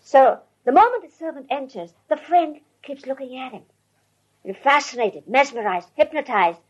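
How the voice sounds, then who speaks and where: A woman's voice: high-pitched, animated, normal speed. An older woman telling a story in a rambling, conversational way. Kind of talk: casual anecdotal storytelling. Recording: dull lo-fi recording.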